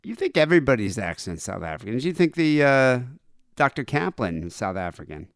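A man co-hosting a podcast, chatting in an irreverent, deadpan way. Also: mid-range voice, a little fast, no echo, studio quality. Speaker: podcast co-host. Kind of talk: crude casual chat.

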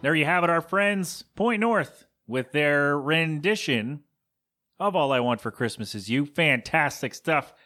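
A man's voice: fairly high pitch, expressive, unhurried, sharp tone. A man hosting a podcast in a casual, rambling chat, teasing himself as he talks. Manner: rambling and self-mocking. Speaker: podcast host.

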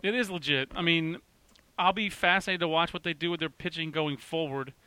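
Excitable bright-voiced man talking baseball. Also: on the high side, clean tone, no echo. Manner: excitable, rapid, full of restarts. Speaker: baseball podcast host. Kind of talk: casual sports chat.

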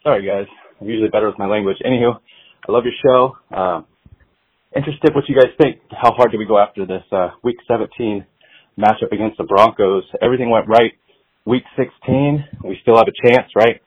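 Male caller, slightly winded, excited rambling fan, husky voice over a phone line. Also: lowish voice, a little fast. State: a little out of breath.

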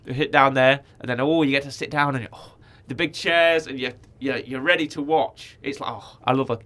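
A young British man in casual chat, telling stories with lively acted-out quotes. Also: medium pitch, fairly quick. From Britain.

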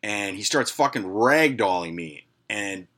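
A lively, profane man telling a story. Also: unhurried. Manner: crude and heavily profane, animated retelling; jumps higher and louder when acting out his own angry lines. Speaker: podcast host. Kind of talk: casual storytelling monologue.

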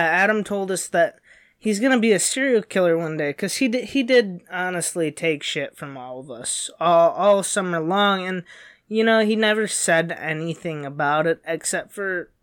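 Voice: medium pitch, unhurried, a bit bright, clean tone. A young adult co-host telling a story in casual chat, rambling with many fillers and restarts.

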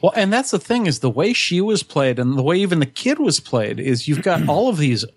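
A man's voice: a little high, very animated, a little fast, breathy edge, no room sound. A man in casual chat about a film, earnestly explaining his view of the characters. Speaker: podcast co-host. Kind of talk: casual movie discussion.

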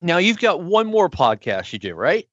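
Lively-voiced male podcast host. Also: high voice, normal speed, no echo. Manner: brief, agreeable interjections. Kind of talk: casual interview chat. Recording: dull lo-fi dry podcast audio.

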